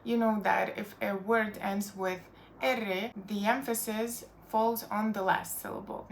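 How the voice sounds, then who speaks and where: Patient woman teaching with slight gravel. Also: mid-range voice, a little hiss or hum. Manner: patient, explanatory, with fillers like "like". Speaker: Spanish teacher. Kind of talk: online language lesson.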